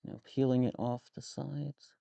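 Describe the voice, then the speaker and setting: A man's voice: medium pitch, flat delivery, measured pace, vocal fry, warm tone, no room sound, lo-fi sound. A man live streaming as he works with his hands, muttering to himself, swearing freely and joking with his chat. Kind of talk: casual live-stream chat while working.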